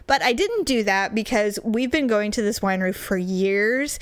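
A woman co-hosting a podcast, telling a story in casual chat, animated and swearing, putting on mocking voices. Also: fairly high pitch, brisk, few pauses, clear, resonant tone, dry recording. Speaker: podcast co-host.

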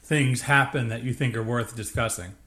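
A man in the middle of the male range co-hosts a laid-back podcast. He rambles, pauses and fills gaps with "uh" as he thinks out loud. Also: mid-range voice. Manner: relaxed, rambling, hesitant with fillers. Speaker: podcast co-host. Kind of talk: casual chat.

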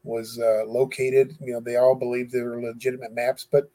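This man, a death row inmate correspondent, speaks in a monotone, mellow, mid-range voice at a moderate pace. As a casual interview guest he's earnest but halting, using many fillers and restarting often.

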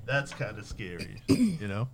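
A man's voice: on the low side, sing-song, measured pace, a crowd in the background. A man co-hosting a casual chat, easygoing, telling jokes and little stories. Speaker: podcast co-host.

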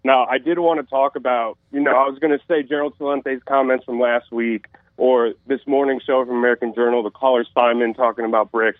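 A man calling in to a radio show, speaking excitedly and gushing with praise. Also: mid-range voice, fairly quick, no room sound. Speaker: caller. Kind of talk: call-in talk. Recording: dry phone-line call.

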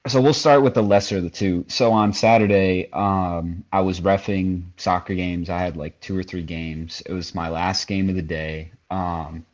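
A man's voice: low-pitched, fairly even intonation, moderate pace, hardly any pauses, lo-fi sound. A young man on a podcast, casually telling a long story with lots of "like" and "you know". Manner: storytelling, heavy filler words. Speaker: podcast co-host. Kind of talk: casual chat.

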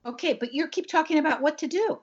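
A woman's voice: high-pitched, fast talker, dull audio. A woman giving relationship advice in casual conversation, emphatic and acting out what couples say to each other. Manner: emphatic, acts out couples' dialogue.

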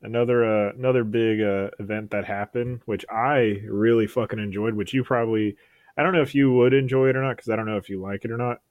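A man's voice: on the low side, steady tone, quick pace, no room sound, narrow, tinny audio. A man co-hosting a podcast, teasing and laughing through casual banter. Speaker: podcast co-host. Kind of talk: casual chat.

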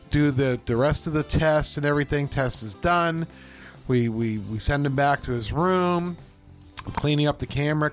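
Man, podcast co-host, casual storytelling, acts out quotes, slightly high voice, faint background music.

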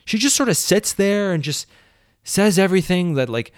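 A man's voice: high-pitched, lively intonation, normal speed, dry recording, studio quality. A man hosting a solo podcast, ranting sarcastically with plenty of swearing. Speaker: podcast host.

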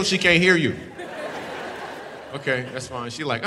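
A man's voice: on the high side, fast, background noise. A man doing stand-up crowd work into a handheld mic, playfully teasing the audience and laughing often. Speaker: stand-up comedian. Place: live comedy show in a hall. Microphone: handheld microphone. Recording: reverberant hall with live audience. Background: faint audience laughter.

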